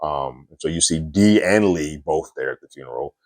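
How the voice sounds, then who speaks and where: Brief: male reviewer, deep voice, dry close sound, chatty recap with fillers. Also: animated, normal speed, no echo. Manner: loose and conversational, frequent fillers and little laughs. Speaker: TV episode reviewer.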